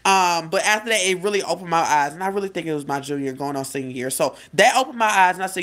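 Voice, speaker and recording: A woman's voice: fairly low pitch, expressive, fast, hardly any pauses, fairly bright tone. Woman, late twenties, casual confessional vlog, chatty, direct to viewers, self-correcting. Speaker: life coach vlogger.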